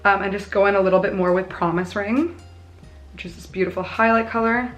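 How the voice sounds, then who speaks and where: A woman's voice: mid-range voice, fairly quick, faint music behind. Young female beauty vlogger, chatty and self-deprecating, casual tutorial talk. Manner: chatty, bubbly, self-mocking asides.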